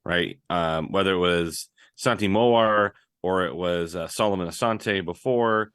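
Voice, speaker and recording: A man's voice: deep voice, a little slow, a bit bright, clear, resonant tone, dry recording, clean studio sound. A man co-hosting a casual soccer podcast, talking through his analysis with lots of "like" and "right?" fillers. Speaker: podcast co-host. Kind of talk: casual sports podcast chat.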